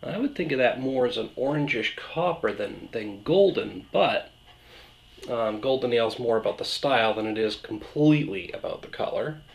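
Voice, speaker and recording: Man, gravelly voice, casual rambling beer review, self-deprecating, mid pitch. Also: animated, moderate pace. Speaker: beer reviewer, channel host.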